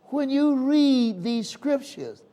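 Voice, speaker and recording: High, lively Southern preacher man. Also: slow pace. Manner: call-and-response preaching with sudden loud and soft swings. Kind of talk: sermon.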